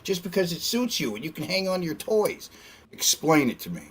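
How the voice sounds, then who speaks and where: A man talking as a guest on a casual podcast, ranting in an animated, profane way and slipping into mocking impressions. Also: fairly high pitch, fairly quick, breathy edge. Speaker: guest streamer.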